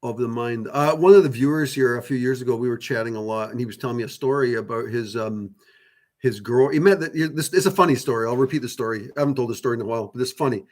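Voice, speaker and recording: A man speaks quickly in a medium-pitched, darkish voice while hosting his channel. He talks casually and at length about spiritual themes to his viewers, rambling, filling pauses, restarting sentences and swearing here and there.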